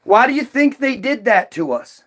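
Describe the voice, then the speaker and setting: A man's voice: very high-pitched, big pitch swings, moderate pace, fairly bright tone. Heated, rambling man ranting to camera. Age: adult, old enough to recall early-2000s hits. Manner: profane, heated, frequent restarts and trailing asides. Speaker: video commentator. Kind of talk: rambling off-the-cuff monologue.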